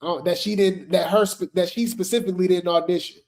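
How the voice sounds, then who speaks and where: A woman's voice: lowish voice, fairly even intonation, fairly quick, a little mellow. A woman hosting a casual gossip commentary show, chatty and slangy, laughing often as she talks.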